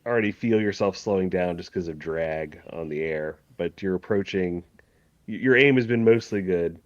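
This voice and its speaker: A man's voice: low voice, dry recording, dull audio. A man narrating as game master of a tabletop game, rambling and correcting himself, often laughing.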